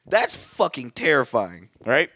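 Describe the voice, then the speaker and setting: A man's voice: medium pitch, slow, no room sound, studio quality. A man co-hosting a podcast, chatting casually and swearing a lot as he animatedly retells scenes. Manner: profane, animated retelling with quoted voices. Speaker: podcast co-host. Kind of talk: casual chat.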